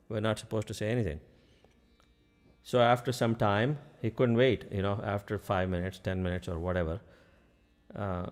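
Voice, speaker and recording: A man's voice: on the low side, a little mellow. Man telling a spiritual parable. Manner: casual, with frequent fillers. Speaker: spiritual speaker. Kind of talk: storytelling in a spiritual talk.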